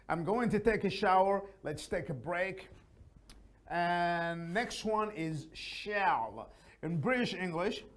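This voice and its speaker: A man teaching an English lesson in a chatty, casual way, often adding his own opinions. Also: sits high. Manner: chatty, gives opinions, frequent fillers.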